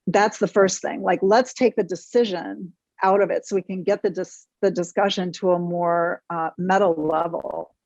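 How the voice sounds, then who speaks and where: Woman, therapist guest on a podcast; frank, lively delivery, dry dull-sounding mic. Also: on the low side, normal speed, no room sound. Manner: frank and energetic, mild swearing. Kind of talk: podcast interview.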